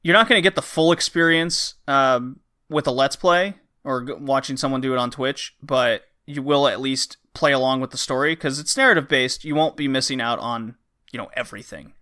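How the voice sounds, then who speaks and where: Reviewing recent game releases, this casual podcast host rambles along with lots of uh and um fillers, now and then acting out game lines. He speaks in a mid-range voice at a moderate pace, with a bright, forceful tone.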